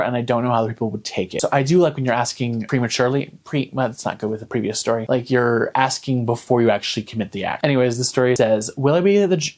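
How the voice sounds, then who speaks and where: A man's voice: mid-range voice, a little mellow. A man hosting a podcast, reading out online posts and commenting on them in a casual, open and rambling way. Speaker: podcast host.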